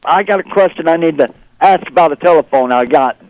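A man calling into a radio show over the phone, speaking in a slow, plain-spoken, earnest way. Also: fairly high pitch, no echo. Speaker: caller. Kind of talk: phone call. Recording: dull phone line.

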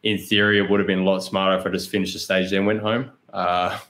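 An Australian man in his thirties speaks in a fairly low voice as a podcast guest. He tells his story bluntly and candidly, with plenty of swearing and frequent laughter. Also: level tone, quick pace, fairly bright tone. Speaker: guest, pro cyclist. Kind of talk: casual podcast chat.

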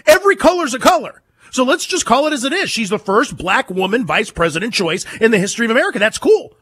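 A man hosting a political talk radio show, combative and mocking with a husky voice. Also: very high voice, big pitch swings, fairly bright tone. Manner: combative, mocking, rapid-fire.

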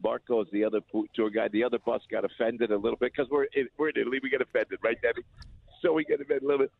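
A man hosting a radio show, chatting casually with many filler pauses while phoning in from abroad. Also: mid-range voice, fairly even intonation, gravelly, slight background noise. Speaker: radio host. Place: on tour abroad, phoned in. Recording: dry tinny phone line.

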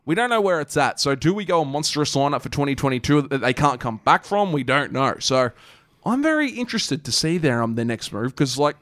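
A man's voice: a little high, sing-song, brisk, fairly bright tone, no room sound. A young Australian man co-hosting a casual podcast, trading dry jokes and opinions. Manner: dry, joking asides. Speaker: podcast co-host. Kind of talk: casual chat.

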